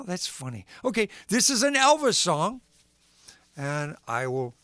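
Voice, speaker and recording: A man's voice: a little high, pushed and bright, no echo. A man hosting a live music stream, chatting casually in a rambling, joking way. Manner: rambling, self-deprecating jokes.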